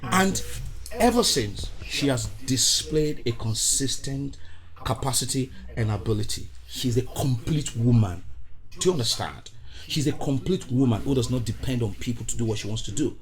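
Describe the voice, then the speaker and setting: A man's voice: mid-range voice, lively intonation, normal speed. A Nigerian man hosting a podcast with a showy, exuberant intro, mixing in Pidgin. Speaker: podcast host. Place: recorded studio in Ottawa.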